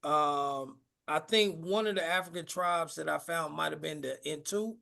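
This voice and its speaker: Male podcast co-host, high and bright, halting delivery with frequent fillers. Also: vocal fry. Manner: halting, full of fillers and hedged restarts. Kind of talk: casual chat on a live stream.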